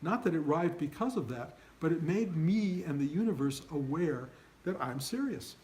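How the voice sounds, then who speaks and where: A man's voice: fairly high pitch, animated, moderate pace, a little mellow, low-quality recording. Earnest older man teaching students. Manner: earnest, emphatic, acts out students' inner voices. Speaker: spiritual teacher. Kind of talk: informal dharma talk to students.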